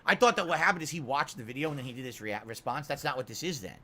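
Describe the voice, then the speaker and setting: A man's voice: medium pitch, very fast, bright, forceful tone. A man streaming video games, talking to his audience in an incredulous, complaining rant. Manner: incredulous, complaining, repeats himself.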